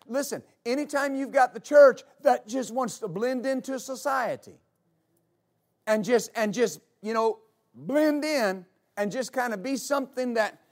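A male pastor preaching a sermon in church, repeating key phrases and building to emphatic peaks. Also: very high-pitched.

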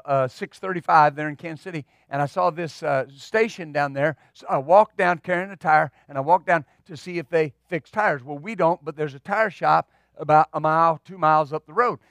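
A middle-aged man, a pastor, telling a story in a sermon with folksy humor and lively, repeating speech. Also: on the high side, moderate pace, no room sound.

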